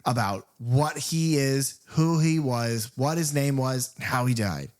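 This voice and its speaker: A man's voice: mid-range voice, slow. A man co-hosting a podcast, chatting casually and animatedly about a horror sequel, swearing freely and acting out scenes. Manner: animated, profane, acts out movie scenes. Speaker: podcast co-host. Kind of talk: casual film review chat.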